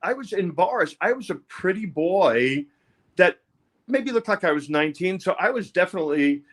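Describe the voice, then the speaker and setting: An older man, telling his life story haltingly in an interview, often repeating words. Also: high voice, expressive, fairly bright tone. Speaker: interview guest, music producer. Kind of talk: candid personal storytelling.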